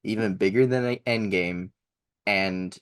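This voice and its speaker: Young male podcast co-host, lowish voice, rambling and keen, laughs a lot. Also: measured pace, clean tone. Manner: enthusiastic, rambling, laughs often. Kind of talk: casual chat.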